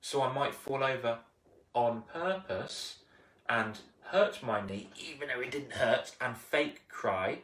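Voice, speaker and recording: A man coaching casually on a live stream, animated, acting out little scenes and repeating himself. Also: mid-range voice, slow pace. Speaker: confidence coach. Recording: roomy, distant mic.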